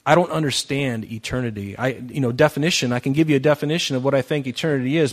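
Male pastor, mid-pitched voice, conversational sermon delivery that swings between emphatic peaks and soft asides. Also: fast talker, hardly any pauses. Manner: conversational preaching, rising to emphatic then dropping soft.

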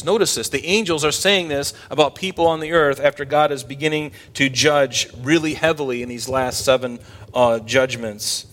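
A man preaching a sermon from the pulpit, his voice sitting at a medium pitch. He talks emphatically and keeps throwing rhetorical questions at his congregation. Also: steady tone, normal speed, fairly bright tone. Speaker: pastor.

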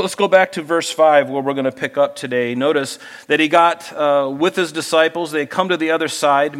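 A man's voice: fairly high pitch, a bit bright, big-room sound. A male pastor preaching a sermon in a conversational way, asking the congregation questions and acting out little voices.

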